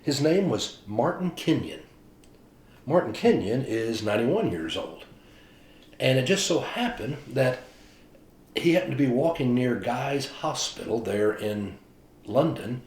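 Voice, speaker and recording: A man's voice: mid-range voice, echoey room. A man, a pastor, telling stories in a casual, chatty devotional talk. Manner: chatty storytelling, animated retelling.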